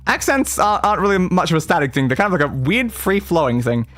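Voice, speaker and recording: This man streams a retro role-playing game, talking fast in a high, slightly bright and very animated voice. It's casual let's-play rambling, packed with fillers and restarts.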